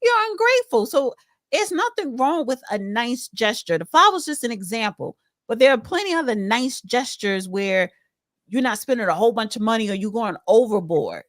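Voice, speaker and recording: A woman's voice: on the high side, animated, normal speed, no room sound, clean studio sound. A woman co-hosting a talk show, chatting in a casual way and often restarting her sentences. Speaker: co-host.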